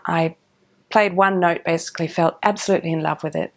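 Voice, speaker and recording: A woman's voice: on the low side, brisk. Woman fondly recalling her cello. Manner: warm, animated, with frequent ums and restarts. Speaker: professional orchestral cellist. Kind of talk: reflective interview storytelling.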